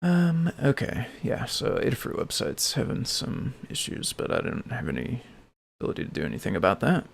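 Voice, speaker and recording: A man hosting a relaxed livestream, talking softly and mumbling a little as he goes. His voice has a gravelly, creaky edge. He speaks close to a desk microphone. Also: medium pitch, moderate pace, few pauses. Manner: mumbling, soft-spoken. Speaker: livestream host. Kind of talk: casual livestream explaining.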